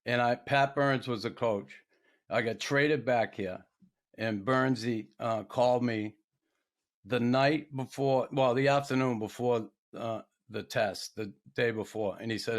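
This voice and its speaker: A man's voice: medium pitch, a little slow. An older man hosting a podcast, telling profane anecdotes in casual chat and laughing as he goes. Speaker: podcast host.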